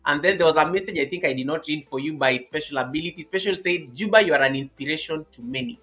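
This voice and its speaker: A man with a bright, slightly high voice hosts a live stream interview, greeting viewers one by one. He repeats phrases as he fills the time. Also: fast talker, few pauses, faint music behind, rough recording.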